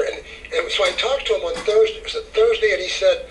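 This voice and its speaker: A man's voice: high-pitched, fast talker, fairly bright tone. A man co-hosting a call-in radio show, joking and comforting. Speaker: radio co-host. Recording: distant radio broadcast with faint hiss.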